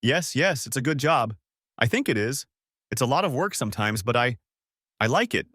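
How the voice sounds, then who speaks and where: A man's voice: medium pitch, expressive, moderate pace, fairly bright tone, slightly rough, no room sound, clean studio sound. A man voicing a touchy car dealership manager who speaks in a guarded, careful way. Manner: guarded, then harsh through clenched teeth.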